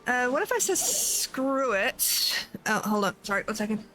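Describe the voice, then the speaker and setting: A woman's voice: on the high side, sing-song, very fast, fairly bright tone, slight background noise. An Australian woman chatting casually to viewers on a live game stream, swearing freely and thanking viewers as she plays. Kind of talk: casual live-stream chat while gaming.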